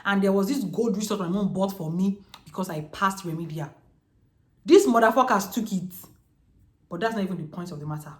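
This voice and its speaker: A woman's voice: lowish voice, quick pace, hardly any pauses. Chatty Nigerian woman in echoey room. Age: 20s. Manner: lively, chatty storytelling with slang. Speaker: vlogger. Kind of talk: storytime vlog.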